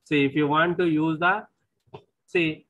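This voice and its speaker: A man's voice: on the high side, fairly even intonation, measured pace, fairly bright tone, rough recording. A man with an Indian English accent giving a recorded lecture on programming, explaining step by step, often repeating himself and saying "see".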